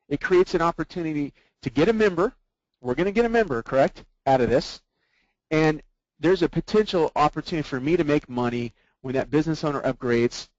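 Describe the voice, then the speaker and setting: Running a sales training webinar, a man keeps checking in with his audience by tossing out quick rhetorical questions. His voice is a little high and somewhat mellow, recorded with no echo, though the high frequencies are cut off.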